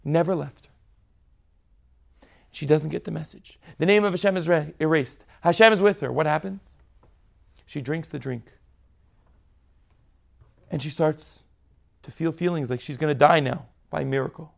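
A man giving an impassioned sermon as a rabbi, moving between soft and forceful delivery. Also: a little high, normal speed, creaky, pauses often.

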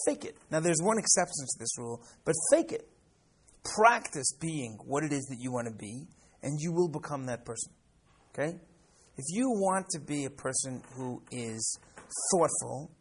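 A man's voice: fairly high pitch, breathy edge. A man in his sixties from the United States, a rabbi teaching a class through stories, repeating words and often asking "right?". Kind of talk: classroom lesson with personal stories.

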